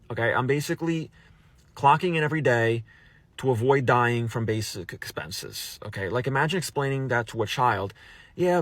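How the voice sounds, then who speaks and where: A man's voice: mid-range voice, fairly bright tone, no room sound. Wry male comic monologue, dry recording. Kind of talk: comedic monologue.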